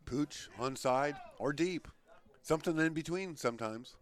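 A man giving color commentary on a football radio broadcast, relaxed and agreeable in his analysis. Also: a little high, measured pace.

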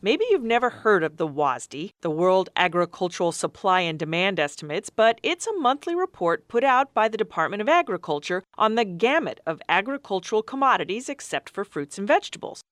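Lady reporter doing a radio news story, brisk and chatty, dry mic. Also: fairly low pitch, big pitch swings, a bit bright, no echo.

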